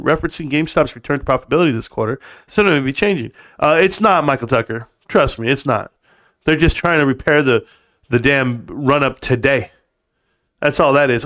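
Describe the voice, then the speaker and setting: A man's voice: fairly high pitch, lively intonation, a little fast, a bit bright. Joking, blunt male live-streamer. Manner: joking, blunt, says "bro" a lot, swears. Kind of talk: casual live-stream chat.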